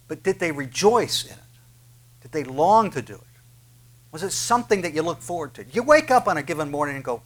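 A man's voice: a little high, a bit bright. A man preaching a sermon, earnest and questioning, with frequent filler sounds as he reads and explains scripture. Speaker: pastor.

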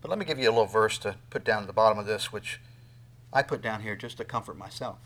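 A man preaching a sermon, swinging from soft asides to loud, dramatic bursts and acting out quoted voices. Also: fairly low pitch, quick pace. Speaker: pastor.

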